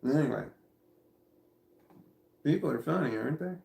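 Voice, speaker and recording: Man, casual storytelling vlog, rambling, swears a lot, mid-pitched voice, roomy echo. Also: lively intonation, normal speed, vocal fry, a little mellow. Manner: rambling, repeats himself, swears often. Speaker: vlogger.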